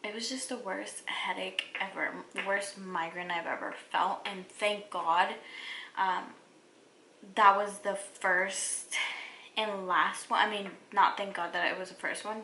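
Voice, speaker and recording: A young woman vlogging to her own camera, telling a personal story in loose, chatty speech full of "like" and restarts. Her voice is bright and forward. The room is echoey, with a faint hum behind her. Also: medium pitch. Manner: chatty, lots of "like" and restarts, animated quoting of herself. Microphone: camera or phone mic.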